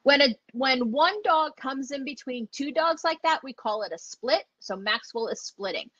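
A woman's voice: sits high, animated, moderate pace, pushed and bright, dry recording. A woman dog trainer teaching online, chatty and enthusiastic, acting out the dogs as she explains. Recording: dull lo-fi audio.

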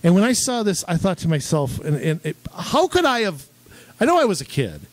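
Middle-aged male co-host, animated storyteller, higher voice with a wide range, dry close sound. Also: fairly quick, no echo. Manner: animated storyteller, repeats words when starting sentences. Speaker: podcast co-host. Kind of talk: casual chat.

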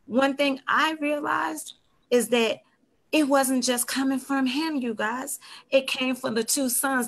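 A woman's voice: on the high side, a bit bright. A woman telling her own survival story on a podcast, earnest and candid, often speaking straight to the listeners. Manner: earnest, addresses listeners directly as "you guys". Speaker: domestic violence survivor guest. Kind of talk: personal testimony on a podcast.

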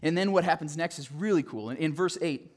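A male pastor preaching a sermon, telling the story with animation and dropping to a soft, low voice on key phrases. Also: a little fast. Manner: animated storytelling, acting out quotes.

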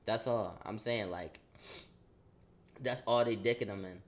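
A man's voice: on the low side, a little slow. Profane, slangy young man telling a story. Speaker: streamer. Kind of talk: storytime vlog.

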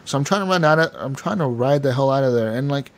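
Animated young man telling game stories. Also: medium pitch, fast. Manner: animated storyteller, acts out game characters. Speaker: podcast co-host. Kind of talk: casual gaming podcast chat.

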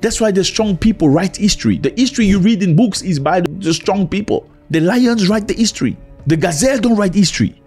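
Husky, animated man lecturing fervently. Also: high-pitched, a little fast, hardly any pauses, soft background music. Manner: preachy, emphatic, addresses listener as "my brother". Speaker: commentator. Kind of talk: animated commentary to camera.

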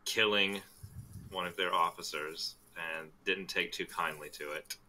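A low-voiced man playing a tabletop game, speaking casually and hesitantly. His tone is very bright and edgy despite the low pitch. He pauses often with fillers while he works out what to say. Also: steady tone, a little hiss or hum. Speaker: player. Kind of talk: casual tabletop role-play.

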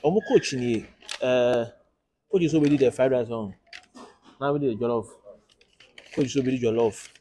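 A man with a Ghanaian accent presenting a casual vlog, lively, switching between Twi and English and repeating his phrases. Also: mid-range voice, normal speed, long pauses, slight background noise, rough recording. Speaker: vlogger presenting a youth footballer.

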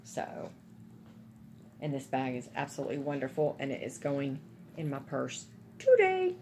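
Low, gravelly woman gushing. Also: wildly swooping pitch, moderate pace, a little mellow, a little hiss or hum. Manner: gushing, chatty, addresses viewers as y'all. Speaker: vlogger. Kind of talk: casual unboxing chat to viewers.

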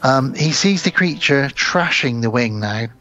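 A man's voice: mid-range voice, animated, a little slow, pushed and bright, highs cut off, faint music behind. Man retelling a film plot. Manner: retells plots at length, acting out characters' lines. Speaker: podcast co-host. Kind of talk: casual film recap chat.

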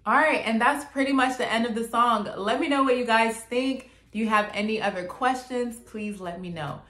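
A woman hosting her own channel, gently and earnestly explaining song lyrics line by line in a casual way. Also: a little high, normal speed, echoey room.

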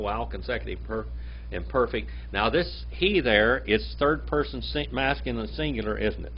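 A man teaching a Bible language class, quizzing his students and reading Hebrew words out slowly. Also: medium pitch. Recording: dull lo-fi classroom recording with faint hum.

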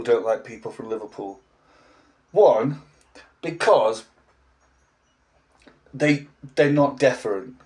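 A man in his forties, a language teacher, ranting in a blunt, sarcastic vlog monologue with an English accent. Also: medium pitch. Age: 40s.

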